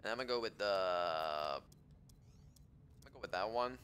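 This video game let's-play commentator narrates his own play loosely, rambling through self-talk and unfinished sentences, his pitch jumping widely and his tone bright and forceful. Every so often he erupts into excited swearing. He talks at a normal speed over slight background noise in casual gameplay commentary.

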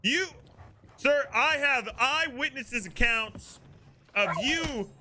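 A man's voice: very high voice, takes it slowly. A man streaming a game, doing playful cop role-play in a mock-official, bantering, theatrical way. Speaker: streamer host. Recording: steady background noise.

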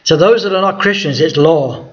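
A man with a high voice preaches a Bible lesson in a church, questioning the people in front of him as he teaches. The recording sounds dull and lo-fi. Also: moderate pace. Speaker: pastor. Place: church hall before a congregation.

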